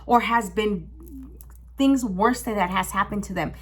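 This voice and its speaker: A young woman telling a storytime vlog in casual chat, animated and full of restarts. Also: mid-range voice, measured pace, slightly rough. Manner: animated, with dramatic gasps and frequent restarts. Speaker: vlogger.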